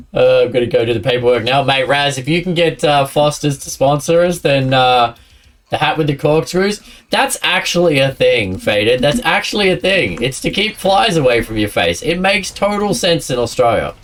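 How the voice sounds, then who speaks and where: A man's voice: medium pitch, far from the mic. A man streaming a game, chatting casually with his viewers and a friend, often laughing and rambling. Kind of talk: casual live-stream chat while gaming.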